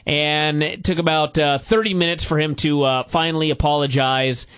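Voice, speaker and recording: A man hosting a podcast, recapping a wrestling show in casual, profane, animated chat. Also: on the high side, normal speed, clear, resonant tone. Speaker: podcast host. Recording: muffled lo-fi recording.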